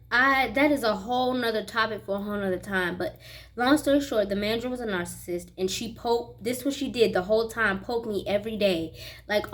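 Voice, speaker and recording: A young woman vlogger telling a personal story in a chatty, animated way and speaking straight to her viewers. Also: a little high. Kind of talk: casual storytelling vlog.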